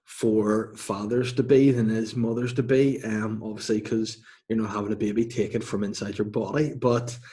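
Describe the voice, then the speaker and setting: A man's voice: lowish voice, steady tone, moderate pace, few pauses, dark tone. A man in his thirties hosting a podcast, telling rambling, self-mocking stories in casual chat. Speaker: podcast host.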